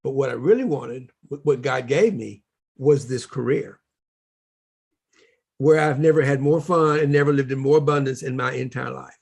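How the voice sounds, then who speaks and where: A man's voice: mid-range voice, moderate pace, creaky, a little mellow, husky. A man speaking as a spiritual teacher, telling his story in an earnest, preachy way during a casual workshop conversation.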